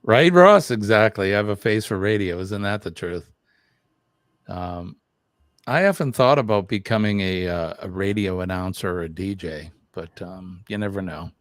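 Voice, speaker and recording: A man's voice: deep voice, animated, normal speed, no echo, studio quality. An older man hosting a casual live stream, chatting and reading viewer comments aloud with lots of fillers.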